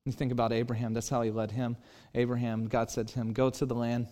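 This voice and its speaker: A middle-aged man preaching a sermon as pastor, telling a personal story and acting out the dialogue, swinging between quiet and loud. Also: mid-range voice, little pitch movement, fast talker.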